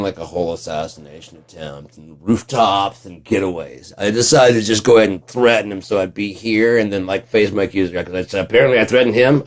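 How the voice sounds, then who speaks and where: A man ranting at home in a vlog, swearing constantly and yelling in bursts. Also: sits low. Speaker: vlogger. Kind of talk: profane political rant.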